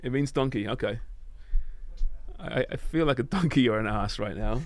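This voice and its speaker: A man co-hosting a casual football watch party, teasing with deadpan jokes and running through the scores. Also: mid-range voice, normal speed. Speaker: co-host.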